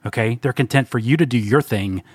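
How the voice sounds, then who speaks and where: A man's voice: mid-range voice, husky, dry recording. A man co-hosting a podcast in casual chat, dry and sarcastic in manner. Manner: dry, sarcastic, quick-talking. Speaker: podcast co-host.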